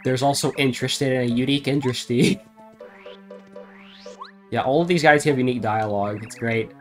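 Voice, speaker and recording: A man's voice: medium pitch, moderate pace, faint music behind. Man reading garbled game dialogue aloud. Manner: reads deadpan, breaks into laughter.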